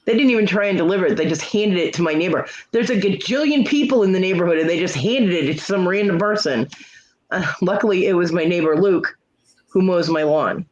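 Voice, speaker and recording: A middle-aged woman hosting a casual livestream chat, telling a story with lots of swearing and jumping into high voices for quotes while greeting viewers. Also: fairly quick. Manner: profane, animated storytelling with leaping voices for quotes. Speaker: livestream host. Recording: muffled lo-fi stream audio.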